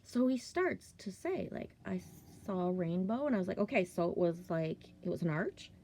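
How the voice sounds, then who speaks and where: Telling a personal story for her casual vlog, an Ontario woman uses a lowish, expressive, mellow voice at a moderate pace, with a little hiss or hum in the audio. She swears a lot, fills with "like" constantly, and now and then slips into a whisper.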